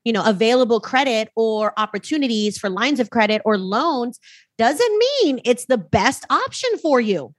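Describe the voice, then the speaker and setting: A woman's voice: a little high, lively intonation, no room sound, clean studio sound. Chatty woman explaining on a podcast. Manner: explanatory, chatty, with quick interjections. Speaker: podcast co-host. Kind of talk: casual conversational podcast.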